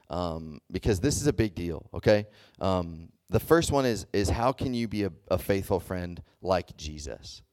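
Low-voiced man giving a chatty youth sermon. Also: a little mellow, dry recording, studio quality. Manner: conversational, checks in often with "okay?" and "does that make sense?"; loose and chatty, with many fillers and restarts. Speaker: youth preacher. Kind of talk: casual sermon to a youth group.

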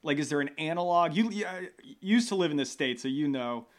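A man's voice: on the high side, expressive, fast. A man hosting a podcast, joking playfully and asking each guest in turn. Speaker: podcast host. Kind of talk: casual chat.

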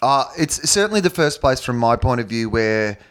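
A man with an Australian accent, a comedian guest chatting and telling animated stories with frequent laughs. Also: medium pitch, normal speed, smooth. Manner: animated storyteller, laughs often. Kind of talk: casual podcast chat.

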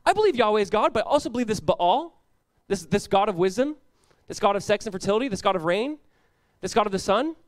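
Young male pastor, high voice, dry close sound, loose conversational sermon delivery. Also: quick pace, no echo. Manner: casual, animated preaching with frequent "like" and laughs.

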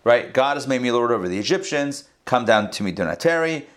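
Guy walking through bible verses, chatty teacher vibe, mid-pitched voice, lots of little asides. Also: lively intonation, brisk, a bit bright. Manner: conversational, explains with asides and restarts. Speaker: Torah teacher. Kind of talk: casual verse-by-verse Bible lesson.

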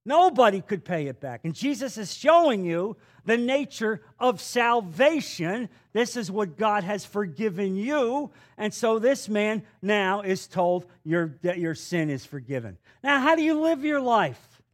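A man's voice: high voice, very animated, unhurried. A male pastor preaching a sermon, reading scripture and adding folksy, conversational asides.

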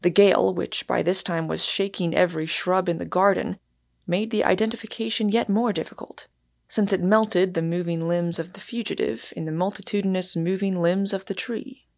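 A woman hosting a podcast, reading a novel chapter aloud in measured storytelling narration. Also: fairly low pitch, steady tone, creaky. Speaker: podcast host and reader. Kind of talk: audiobook narration.

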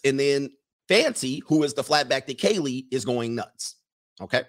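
Over film clips, a man offers casual, chatty commentary in an expressive, medium-pitched voice at normal speed. He repeats himself and slips into character voices.

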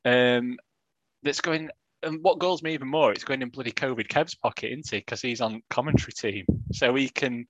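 A man's voice: medium pitch, moderate pace, lo-fi sound, noisy background. A man, co-hosting a podcast in casual, rambling, self-mocking chat. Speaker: podcast co-host.

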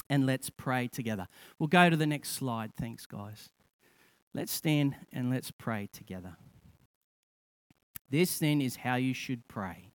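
Male pastor, clear slightly high voice; impassioned sermon delivery with hushed dips. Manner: impassioned preaching with rising emphasis and soft, drawn-out scripture quotes.

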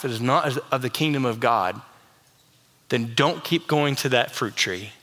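A male pastor preaching a sermon, swinging between impassioned, emphatic peaks and a soft, close, confiding tone. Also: mid-range voice. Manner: drops to soft, intimate tone for Jesus' warnings.

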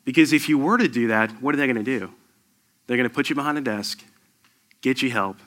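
A man's voice: mid-range voice, brisk, a bit bright. A middle-aged man, a military veteran, telling a personal war story to an audience in an emphatic, conversational way.

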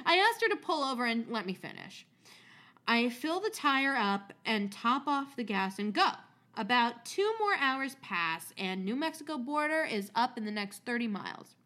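A woman's voice: sits high, bright, forceful tone. A woman hosting a podcast, reading a story aloud with casual asides, chatty and swearing freely.

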